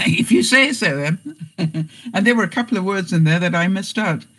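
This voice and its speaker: Husky-voiced woman chatting on a live stream. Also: on the low side, animated, normal speed, fairly bright tone, poor audio. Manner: chatty, laughs often, reads jokes and viewer comments aloud. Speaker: vlogger hosting a live stream. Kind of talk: casual live-stream chat.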